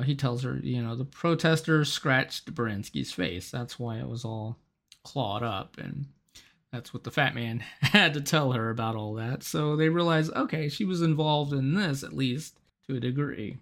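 A podcast co-host with a gravelly, fry-tinged voice at an ordinary mid pitch. They talk through a TV episode in a loose, chatty way, laughing often and swearing casually. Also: animated, moderate pace, fairly bright tone. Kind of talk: casual chat recapping a TV episode.

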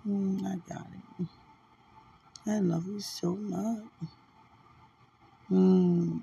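A woman hosting a podcast, chatting casually and tenderly about faith while sounding sleepy, soft-spoken and given to small laughs. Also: medium pitch, steady tone, extremely slow, gravelly, pauses often, a little hiss or hum. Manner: soft, drowsy and affectionate, with frequent laughs. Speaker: podcast host. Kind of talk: casual faith-filled chat.

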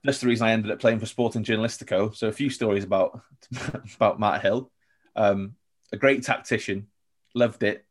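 A man's voice: on the low side, steady tone, normal speed. A young man telling stories as a podcast guest, chatty and rambling, laughing often. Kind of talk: casual storytelling chat.

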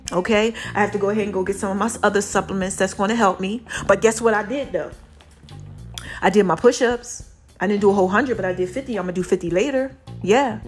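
A woman giving an impassioned faith testimony to her viewers, speaking through a tight throat, emphatic and repeating herself for stress. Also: mid-range voice. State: tight, constricted throat, a little choked up.

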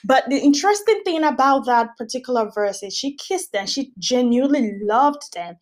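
A woman's voice: sits high, animated, normal speed. A woman hosting a Bible study podcast, reading scripture aloud and teaching in a casual, earnest way, often repeating phrases for emphasis.

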